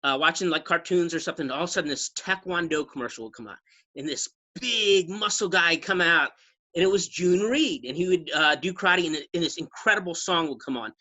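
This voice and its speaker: Bright-voiced man hosting a chat. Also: a little high, brisk. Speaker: host, radio producer. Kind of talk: casual podcast chat.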